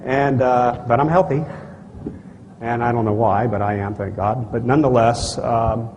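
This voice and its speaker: On stage in a large conference hall, a man gives a live talk, telling a personal story in a blunt, folksy style, acting out dialogue with gestures, making frequent asides to the audience, and often clearing his throat. His voice is medium in pitch at a normal speed, and the archival recording is muffled and echoey with faint noise.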